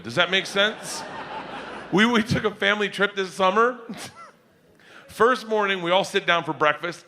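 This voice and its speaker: A middle-aged man doing stand-up comedy, telling loud, animated stories on a live stage as the audience laughs. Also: high-pitched. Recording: live venue with loud crowd noise.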